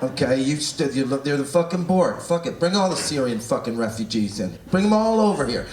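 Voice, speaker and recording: A man's voice: mid-range voice, lively intonation, brisk. A Canadian man doing a profane, ranting stand-up routine and teasing an audience member. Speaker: stand-up comedian. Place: large theatre stage. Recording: echoey theatre, distant, loud crowd laughter.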